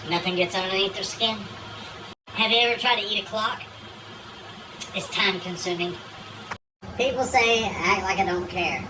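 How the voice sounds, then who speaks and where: A woman's voice: medium pitch, far from the mic, background noise. A woman telling a string of one-liners and dirty jokes in a dry, matter-of-fact way. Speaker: joke teller. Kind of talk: deadpan joke telling.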